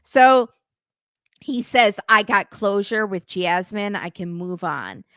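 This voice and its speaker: In a studio-quality recording with no room sound, a woman podcast guest recaps a reality TV episode in casual chat. Her mid-range voice is slow and smooth as she tells the story animatedly, acting out what people said.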